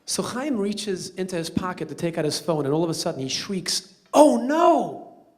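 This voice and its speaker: A man speaking as a rabbi storyteller at a banquet, animated and acting out the characters in his story. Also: fairly high pitch, fast talker. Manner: animated, acting out quoted voices. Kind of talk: storytelling speech. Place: banquet hall.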